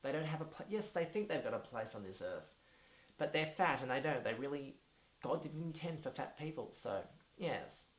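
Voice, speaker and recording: Here the voice is medium in pitch, animated and lightly acted, at an ordinary speed. An Australian man performs a pompous drama teacher character for a mockumentary comedy, rambling and starting over again and again. Faint music plays in an echoey room, and the lo-fi audio sounds dull.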